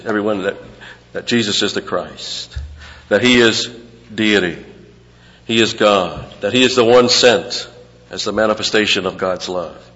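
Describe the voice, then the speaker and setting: Male pastor teaching Scripture verse by verse, slightly low voice, long church-hall echo. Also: a bit bright, lo-fi sound. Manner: teaching verse by verse, explaining grammar, repeats phrases for emphasis. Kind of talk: expository sermon.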